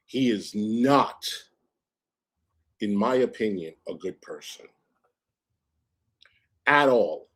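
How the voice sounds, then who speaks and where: A man's voice: on the low side, drawn-out words, pauses often. A man in a played stream clip, complaining in an aggrieved, emphatic way.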